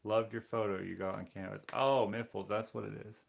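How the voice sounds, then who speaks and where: Gravelly low-voiced man chatting on a livestream. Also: flat delivery, a little fast. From Canada. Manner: joking, teasing viewers. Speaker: livestream host painting. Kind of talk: casual livestream chat reading comments.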